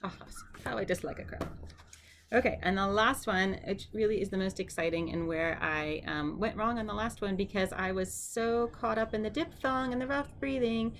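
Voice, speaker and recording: Middle-aged woman teacher, chatty home-lesson delivery, drills each word slowly, mid-pitched voice, faint room noise behind. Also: a bit bright. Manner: chatty, repeats words slowly for practice. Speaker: Greek vocabulary teacher.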